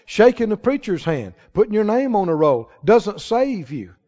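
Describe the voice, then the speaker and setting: A man's voice: high voice, sing-song, normal speed, warm tone. A male pastor preaching a sermon with emphatic, rising declarations to a church congregation. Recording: dull sound with long hall reverb.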